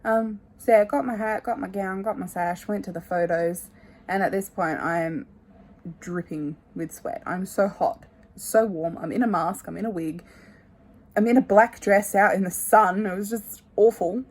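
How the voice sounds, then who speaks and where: A woman's voice: medium pitch, moderate pace. Young woman vlogging, rambling and candid. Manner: rambling and candid, trailing off quietly. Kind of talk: casual chat to camera. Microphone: phone held at arm's length.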